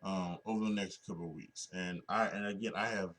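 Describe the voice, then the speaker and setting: A man's voice: low voice, fairly even intonation, a little fast, fairly bright tone. A man hosting a solo wrestling podcast, talking casually and rambling with many restarts and fillers. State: sleepy, yawning.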